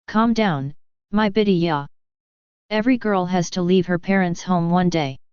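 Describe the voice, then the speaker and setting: A woman's voice: fairly low pitch, moderate pace, darkish tone, smooth, dry recording, lightly acted. A woman reading the lines of a stern, old-fashioned mother of the bride who speaks firmly and matter-of-factly. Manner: firm, matter-of-fact. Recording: dull, dry lo-fi audio.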